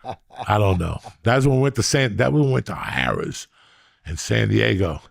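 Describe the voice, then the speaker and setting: A man's voice: lowish voice, big pitch swings, moderate pace, vocal fry, no echo, studio quality. A man hosting a podcast, telling boisterous, crude stories in casual chat. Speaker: podcast host, comedian.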